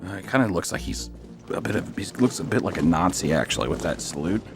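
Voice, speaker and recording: A man chatting casually and crudely while he draws, excitable, keeps breaking into squeaky put-on voices. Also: fast talker, loud music behind the voice. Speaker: YouTube artist and host. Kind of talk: casual commentary while drawing.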